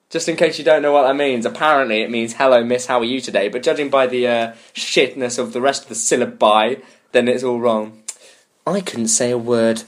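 A man's voice: medium pitch, animated, normal speed. A young man hosting a casual comedy podcast, reading a story aloud and mocking it with frequent laughter and swearing. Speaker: podcast host.

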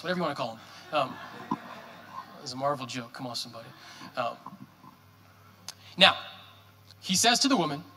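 Male pastor, animated joking sermon delivery, bright tenor voice, church hall echo. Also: sits high. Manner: animated, joking preacher with rhetorical questions. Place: church sanctuary.

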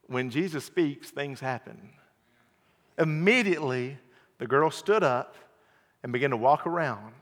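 A man preaching an earnest evening sermon, repeating key phrases and swinging from quiet to loud emphasis. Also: mid-range voice, expressive, moderate pace, pauses often. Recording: long hall reverb.

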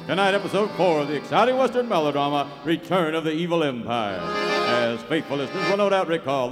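Booming live radio announcer man. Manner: booming showman announcing, then dry storytelling. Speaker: announcer and narrator. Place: theater stage before a live audience. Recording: live theater with reverb, audience and music.

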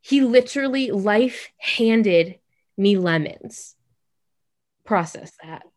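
A young adult woman telling a funny story in casual podcast chat, animated and full of "like". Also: mid-range voice. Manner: animated, fast, heavy use of "like".

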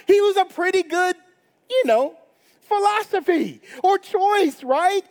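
A male pastor with a strikingly high voice delivers a sermon in a casual, conversational way. He keeps checking in with his listeners with quick tag questions. His voice rings out with a long church reverb. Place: church sanctuary.

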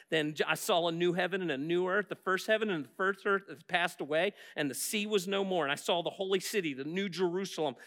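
A man preaching a sermon as pastor, animated as he acts out Bible scenes and dropping soft when leading prayer. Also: sits high.

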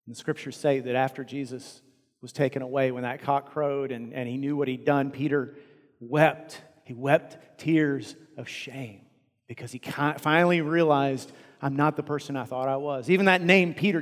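A man preaching a sermon as a pastor, impassioned, swinging from loud to hushed. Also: mid-range voice, steady tone, moderate pace. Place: church auditorium. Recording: long reverb of a large hall.

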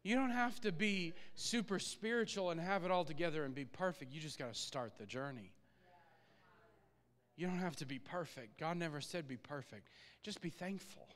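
A man preaching a sermon in an animated way, laughing often and acting out his own prayers, recorded in a church sanctuary. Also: on the high side, moderate pace. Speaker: pastor. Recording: long reverb of a church hall.

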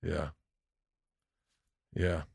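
A man hosting a podcast, telling stories in a loose, animated way and swearing freely. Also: very slow, no room sound, clean studio sound. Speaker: podcast host. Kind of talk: casual conversation.

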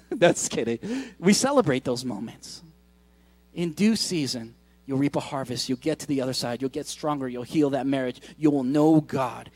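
A middle-aged man preaching a sermon as pastor, pleading and impassioned, dropping soft then shouting. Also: fairly high pitch, no echo. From Korea. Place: church hall. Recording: dry close mic, faint music behind.

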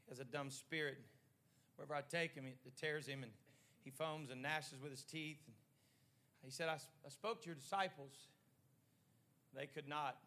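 A man preaching a sermon in short rhythmic phrases that build to shouting. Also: a little high, normal speed.

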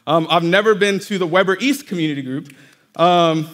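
This sermon comes from a pastor whose voice sits high and a bit bright, moving at a moderate pace. He talks directly and conversationally with the congregation, and the church hall's long reverb lingers around him.

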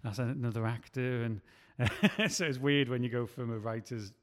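A man's voice: mid-range voice, fairly even intonation, normal speed, long reverb tail. A man who writes and produces films, talking in a loose, rambling way and often stopping to correct himself. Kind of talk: casual chat.

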